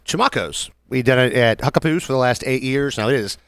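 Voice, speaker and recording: A man's voice: medium pitch, a little fast, fairly bright tone, smooth, dry recording. A man hosting a casual podcast, telling a long story and acting out other people's lines. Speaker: podcast host. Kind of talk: casual chat.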